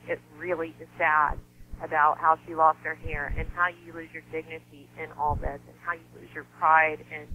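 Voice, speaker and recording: A woman guest speaking in a soft, heartfelt way in a conversational interview, with sighs and small laughs. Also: sits low. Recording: slightly dull sound with faint noise.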